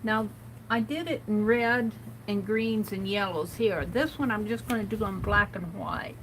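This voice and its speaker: A woman's voice: medium pitch, a little slow, a bit bright, slight background noise, low-quality recording. A woman hosting a live drawing tutorial, chatting and thinking aloud as she narrates and counts each stroke. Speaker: art stream host.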